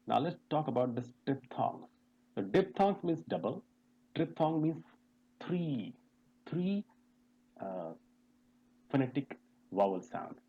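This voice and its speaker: Over a video call, a male teacher runs an online pronunciation webinar, speaking slowly and deliberately with a breathy edge and a lively, swinging pitch. He drills each vowel, spells words out letter by letter, and keeps asking the class questions. The recording sounds muffled.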